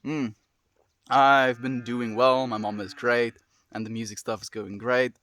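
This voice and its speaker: A young male streamer speaks with a flat delivery at a measured pace, his medium-pitched voice fairly bright. In his casual chat with viewers he rambles earnestly and heartfeltly, sighing often and peppering in "dude".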